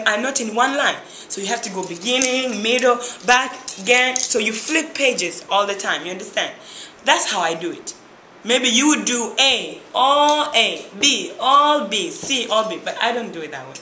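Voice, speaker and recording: A young woman from Tanzania, a former reality show contestant, telling her story in an interview and acting out what people said. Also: mid-range voice. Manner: lively storyteller who acts out other people's lines. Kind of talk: interview, animated retelling. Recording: echoey room with faint noise.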